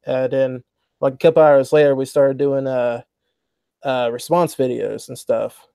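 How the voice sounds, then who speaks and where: A man's voice: mid-range voice, fairly even intonation, unhurried, gravelly, dark tone, smooth, dry recording, clean studio sound. A man co-hosting a live stream, laid-back and profane in casual chat, laughing often.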